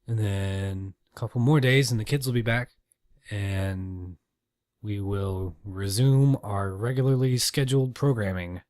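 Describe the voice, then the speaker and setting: A man's voice: fairly low pitch, unhurried, darkish tone, no echo, studio quality. A man hosting a casual solo podcast, rambling and swearing freely with self-deprecating asides. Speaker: podcast host.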